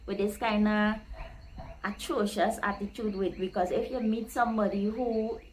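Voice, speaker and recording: A woman's voice: mid-range voice, fairly even intonation, normal speed, slight background noise, low-quality recording. A woman, explaining Caribbean sayings in a casual vlog, step by step, and acting out quoted lines by shifting her voice. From Guyana.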